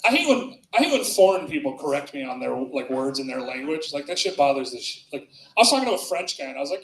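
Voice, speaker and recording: High-voiced guy rambling thru a standup set, laughs at his own bits, echoey club. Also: very animated, quick pace, few pauses, a bit bright, a little hiss or hum. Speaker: stand-up comedian. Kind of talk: stand-up set with crowd work. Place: small club with live audience.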